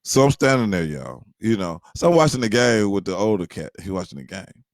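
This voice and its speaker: Animated man telling a funny story. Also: lowish voice, fairly quick, no echo, studio quality. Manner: animated, addresses listeners directly, many fillers. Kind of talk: casual storytelling to viewers.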